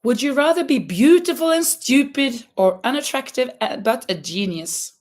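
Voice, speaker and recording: A woman whose first language is Norwegian, hosting a casual crafting livestream and chatting in a halting way, with many restarts and a lot of laughter. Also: high voice, expressive, darkish tone. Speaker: livestream host and schoolteacher. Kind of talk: casual chat while crocheting.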